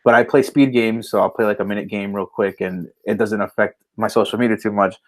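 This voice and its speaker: A man's voice: on the low side, steady tone, fairly quick. A man co-hosting a podcast remotely, chatting loosely and rambling with lots of fillers and swearing. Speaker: podcast co-host. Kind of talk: casual chat. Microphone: remote call setup.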